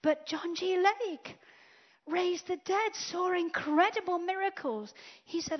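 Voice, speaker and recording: A woman preaching a sermon, swinging from loud declarations to hushed whispers. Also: very high voice, slow. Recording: dull lo-fi sound.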